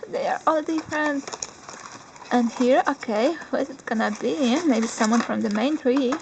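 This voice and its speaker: A young woman, not a native English speaker, unboxing collectibles on camera, excitable and giggly, squealing with joy now and then. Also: high-pitched, normal speed, gravelly, noisy background. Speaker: vlogger. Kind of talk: unboxing vlog.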